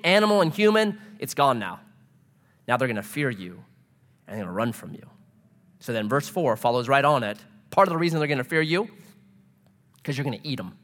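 A middle-aged man gives a sermon in a church hall, his voice pitched a little high and swinging widely up and down. He talks in a loose, conversational way, joking and telling stories as he preaches. A long reverb from the hall trails each phrase. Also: fairly bright tone. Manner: conversational preaching with humor and storytelling. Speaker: pastor.

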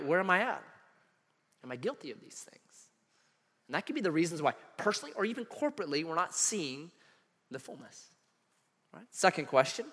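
This pastor's high voice rings with a big-room sound as he delivers his sermon. Full of animation, he tells personal anecdotes and performs the quoted voices of each person he describes.

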